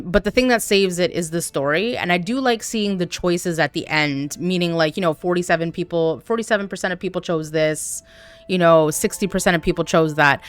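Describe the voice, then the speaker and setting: A woman's voice: lowish voice, a bit bright. A woman streaming a game live, chatting candidly and jokingly with her viewers as she plays. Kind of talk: casual chat while playing live.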